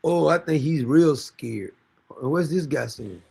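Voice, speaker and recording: A man's voice: on the high side, lively intonation, slow, gravelly, dark tone, slightly rough. A man hosting a commentary stream, reacting to news clips in a sarcastic, mocking, slangy way. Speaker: commentary host.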